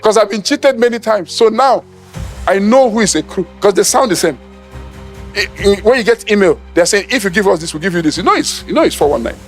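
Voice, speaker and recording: A man's voice: high voice, lively intonation, fairly quick, faint music behind. A middle-aged man from Nigeria preaching an emphatic sermon, acting out quoted voices and laughing at his own points. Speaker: apostle preaching.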